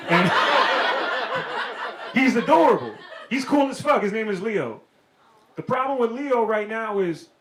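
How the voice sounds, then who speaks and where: A man from Maryland doing a stand-up comedy set on a club stage, talking in loose slang and laughing through his lines. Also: a little high. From Maryland, United States. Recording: roomy club with loud crowd laughter. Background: audience laughter.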